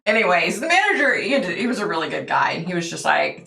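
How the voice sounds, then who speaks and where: A woman's voice: on the low side, big pitch swings, fast, creaky, few pauses, bright, forceful tone, echoey room. A woman hosting a livestream, telling stories in a chatty way, laughing often and answering viewers' comments. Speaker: livestream host. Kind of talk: casual chat with viewers.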